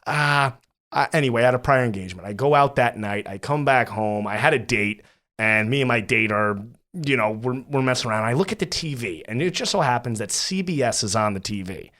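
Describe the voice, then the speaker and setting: A man hosting a casual podcast interview, telling stories in an animated way and often repeating himself. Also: medium pitch, a little fast. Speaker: podcast host.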